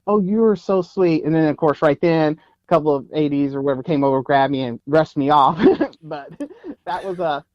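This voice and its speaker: A man's voice: a little high, steady tone, moderate pace, no room sound, highs cut off. Rambling Texas-raised man telling stories. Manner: rambling, many fillers and restarts. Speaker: guest actor and producer. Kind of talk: casual interview storytelling.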